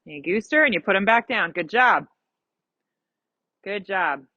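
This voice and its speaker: A woman's voice: medium pitch, lively intonation, a little fast, sharp tone, no room sound, lo-fi sound. A woman coaching a rider through a lesson, explaining patiently with examples and giving encouragement. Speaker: riding instructor. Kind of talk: live coaching during a riding lesson.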